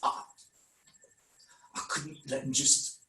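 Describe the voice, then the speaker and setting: A man voicing a guilt-ridden, self-doubting young man in an online script reading, halting and anguished. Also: pushed and bright. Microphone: video call mic. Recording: echoey room, mic at a distance.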